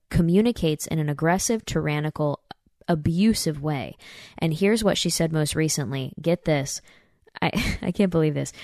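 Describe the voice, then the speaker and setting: A woman's voice: low-pitched, a little mellow, no echo, studio quality. A woman hosting a podcast, giving emphatic political commentary and addressing listeners directly as "you guys". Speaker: podcast host.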